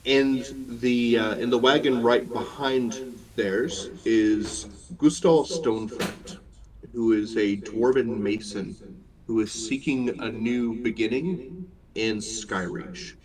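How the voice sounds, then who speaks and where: A man narrating as game master at a live tabletop game, measured and descriptive, with an occasional uh or um. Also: medium pitch. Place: convention gaming floor. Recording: noisy convention hall crowd.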